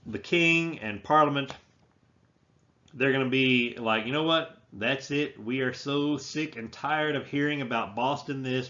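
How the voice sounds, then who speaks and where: A man's voice: medium pitch, fairly bright tone. A man teaching a history class, talking off the cuff with frequent restarts and fillers. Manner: unscripted, many restarts and "uh" fillers. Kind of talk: recorded history lecture. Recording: slightly dull lo-fi recording.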